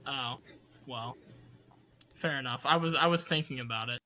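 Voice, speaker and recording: A man co-hosting a podcast, hesitant, with lots of ums and throat clearing. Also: mid-range voice, moderate pace, pushed and bright. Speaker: podcast co-host. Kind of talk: casual chat.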